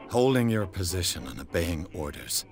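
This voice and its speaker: An actor playing a weary war-veteran private investigator in a game, speaking in terse, brooding narration. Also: male voice, sits low, very animated, normal speed, faint music behind. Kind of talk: game voice acting.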